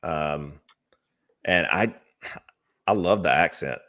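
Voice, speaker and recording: Man, very deep voice, gravelly, casual podcast chat, hesitant fillers. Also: slow. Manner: relaxed, hesitant, lots of fillers. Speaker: podcast co-host. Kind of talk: casual chat about movie trailers.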